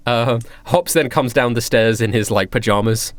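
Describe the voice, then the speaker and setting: A man narrating as game master of a tabletop game, in a relaxed, halting way. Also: medium pitch, no echo.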